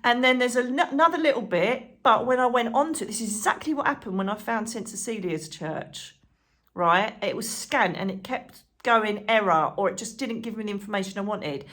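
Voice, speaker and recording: A woman chatting to camera as a channel host, excitable and rambling, full of asides and fillers. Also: mid-range voice, moderate pace. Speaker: psychic medium and channel host. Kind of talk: casual chat to camera.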